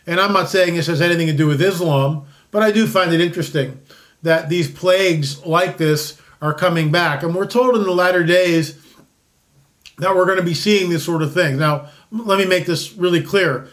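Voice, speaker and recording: A man's voice: sits high, normal speed, fairly bright tone. A man in his sixties hosting an opinionated commentary monologue, rambling with frequent restarts and asides. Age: 60s. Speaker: host.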